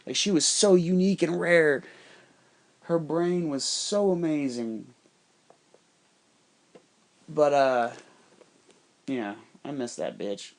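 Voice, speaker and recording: A man's voice: a little high, takes it slowly, long pauses. A man telling a personal story in a casual, rambling monologue, swearing constantly and acting out the voices of other people. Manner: profane, rambling, animated quoting of others. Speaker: podcast storyteller.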